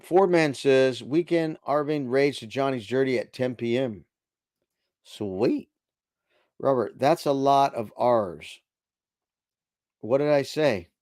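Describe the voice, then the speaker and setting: A man's voice: mid-range voice, takes it slowly, pauses often, darkish tone, no echo, clean studio sound. A middle-aged man hosting a casual late-night livestream, reading viewer chat aloud into a desk microphone in a chatty, laid-back way. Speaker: livestream host.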